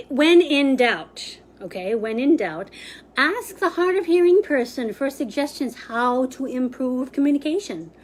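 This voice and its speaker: A woman leading a sign language lesson over a live stream, talking at an unhurried pace. Her voice sits a little high, and she keeps things chatty with fillers and bursts of laughter. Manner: chatty, laughs often, many fillers and restarts. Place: library.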